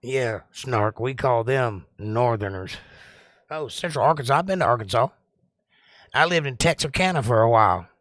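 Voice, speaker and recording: A man's voice: medium pitch, lively intonation, normal speed, fairly bright tone, no echo. Southern man chatting on a livestream. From Georgia, US. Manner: rambling, joking, drawling. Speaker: livestream host. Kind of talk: casual live-stream chat reading comments.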